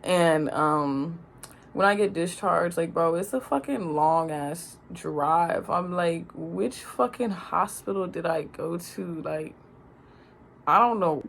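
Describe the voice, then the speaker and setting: A young adult recounts a storytime into a phone in a loose, slangy, profane way, acting out quoted lines in a higher voice. The voice sits at a middle pitch, and a faint hiss runs behind it. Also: slow, creaky, a bit bright. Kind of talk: casual storytime vlog.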